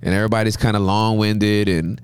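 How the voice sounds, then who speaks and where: A man in his forties from Southern California, a pastor telling stories as a guest in an interview, with a humorous, lively manner. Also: fairly low pitch, fairly quick, clear, resonant tone, no echo, studio quality. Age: 40s. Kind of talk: interview storytelling.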